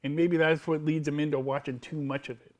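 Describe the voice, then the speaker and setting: A man's voice: fairly high pitch, level tone, brisk. A man from the United States co-hosting a podcast, laid-back and laughing often in casual comedic chat. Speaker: podcast co-host.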